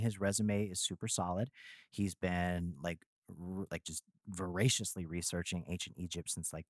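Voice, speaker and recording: A man's voice: low voice, no echo, studio quality. A Midwestern American man hosting a podcast, talking enthusiastically with lots of fillers and slang. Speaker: podcast host. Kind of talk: casual podcast chat.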